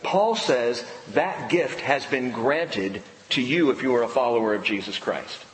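A man preaching a sermon in a church, emphatic, pausing dramatically on key words. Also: medium pitch, a little hiss or hum. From United States. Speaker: pastor. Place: church sanctuary. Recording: echoey hall with long reverb.

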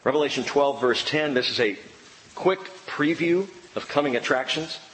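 A man preaching an expository sermon, emphatic and animated, swinging between excited and low earnest tones. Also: moderate pace, slight background noise. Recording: long reverb of a large hall.

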